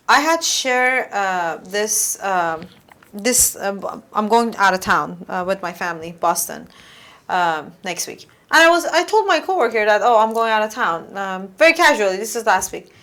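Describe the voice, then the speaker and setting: A woman's voice: medium pitch, a bit bright. A young woman hosting a casual podcast, chatty and telling stories from her day. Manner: chatty, storytelling, acts out quoted lines. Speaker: podcast host.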